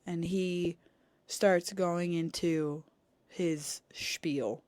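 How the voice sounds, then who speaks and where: A young woman chats on a podcast, telling a story with animated energy and acting out each exchange. Her voice sits low for a woman. The sound is dry and close, with no room around it. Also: extremely slow, no room sound. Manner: animated, acts out quoted dialogue, cusses. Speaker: podcast co-host. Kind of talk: casual storytelling chat. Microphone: studio podcast mic.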